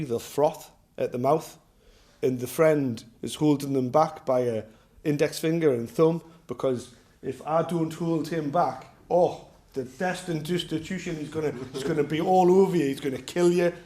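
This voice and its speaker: A middle-aged man from North East England, speaking with a Geordie accent, runs a self-defence class and fills it with meandering, joking anecdotes in casual talk. His voice is fairly high and warm, at a moderate pace.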